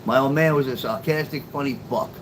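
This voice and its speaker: On his late-night livestream, a middle-aged man chats casually and rambles, calling out viewers by name and firing back at chat with sarcasm and plenty of swearing. His voice is mid-range and brisk, with steady noise behind it.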